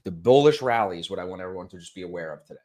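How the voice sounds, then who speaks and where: A young man co-hosting a casual chat, telling self-mocking stories and rattling off quick promo patter. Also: sits low, expressive, a little mellow. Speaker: co-host. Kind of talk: casual chat, plugging a stream.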